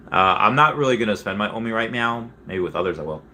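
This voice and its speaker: Deep-voiced man chatting on a livestream. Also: expressive, a little fast, pushed and bright, a little hiss or hum. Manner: rambling, many fillers, reads chat aloud and reacts. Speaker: streamer reading chat. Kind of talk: casual livestream chat.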